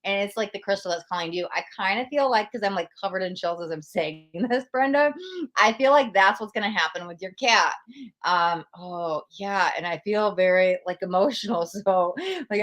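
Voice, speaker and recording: A woman's voice: medium pitch, normal speed, fairly bright tone. A young woman hosting a live-stream tarot reading, emotional and gushing as she talks straight to her viewers.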